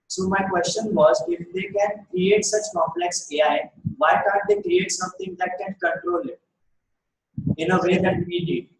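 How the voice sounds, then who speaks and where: A young man with a high voice asks hesitant interview questions, with frequent fillers and restarts. He sounds as if he is in a roomy space, with faint background noise. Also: big pitch swings, normal speed, vocal fry, distant mic. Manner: hesitant, many fillers, rephrases his question. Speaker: student interviewer.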